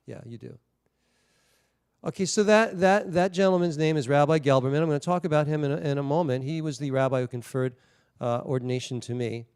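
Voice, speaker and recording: Brief: male rabbi on video call, smooth tone, chatty asides. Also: fairly high pitch, darkish tone, no echo, studio quality. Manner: halting asides with restarts. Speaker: rabbi leading a service. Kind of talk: liturgy reading and casual storytelling.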